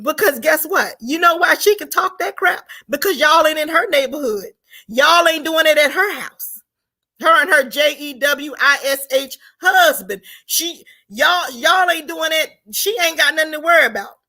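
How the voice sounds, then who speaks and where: A woman's high, bright voice carries an unscripted political commentary monologue. She talks emphatically and preachily, hammering her viewers with rhetorical questions. On the points she cares about most, her voice climbs into shouting. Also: animated, normal speed. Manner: rises to shouts on key points.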